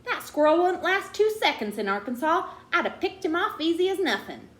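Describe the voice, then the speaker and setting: A woman's voice: very high voice, sing-song, fairly quick, voice pushed up. A woman reading aloud and voicing an eager, talkative country boy from Arkansas with a drawl. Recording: roomy echo.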